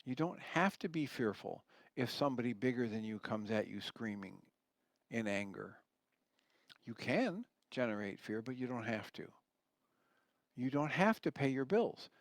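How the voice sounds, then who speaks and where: A man's voice: medium pitch, very animated, a little slow, dry recording. A man giving a radio teaching talk, reading passages from a book and explaining them in an earnest, reflective way.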